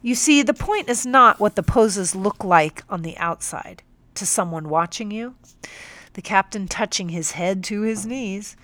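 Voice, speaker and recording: A woman's voice: mid-range voice, lively intonation, a bit bright, dry recording. Young woman reading an audiobook, firm. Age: young adult. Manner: measured, firm, teacherly. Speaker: audiobook narrator. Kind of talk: first-person audiobook narration.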